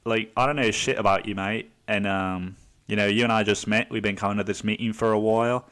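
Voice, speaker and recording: A man's voice: fairly low pitch, steady tone, a little fast, fairly bright tone, lightly acted. A man voicing a condescending Australian bloke with an Australian accent, repeating himself in a patronizing way.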